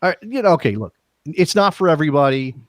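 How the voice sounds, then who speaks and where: A man with an American accent co-hosting a casual soccer talk show, jokey and thinking out loud with restarts. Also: a little high, very animated, fast, no room sound. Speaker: co-host.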